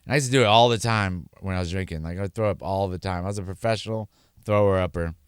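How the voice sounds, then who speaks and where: A middle-aged man speaks in a low, smooth voice, close and dry with no room sound. He talks candidly and earnestly, rambling and restarting sentences and slipping into little acted-out quotes. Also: fast, dry recording. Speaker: podcast host sharing his sobriety story. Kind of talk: candid personal monologue.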